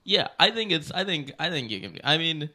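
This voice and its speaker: A man appearing as a comedian guest on a podcast, talking casually and haltingly with many restarts. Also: fairly high pitch, very animated, sharp tone. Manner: hesitant, halting, full of restarts.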